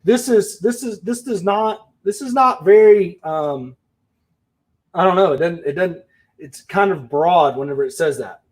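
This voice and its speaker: A man's voice: high-pitched, measured pace, darkish tone. A man, a real estate investor, giving a blunt, profane opinion rant to camera with emphatic repetition.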